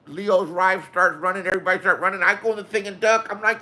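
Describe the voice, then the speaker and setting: A man's voice: high-pitched, a little fast, sharp tone, raised voice. A man in his sixties telling rambling, profane anecdotes in a casual storytelling style, acting out the people in them.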